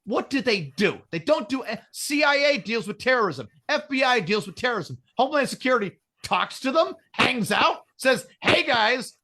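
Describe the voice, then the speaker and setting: A man's voice: very high voice, sing-song, normal speed, hardly any pauses, sharp tone. A man co-hosting a casual podcast, rambling and swearing as he rants and acts out mock quotes. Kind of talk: casual profane political banter.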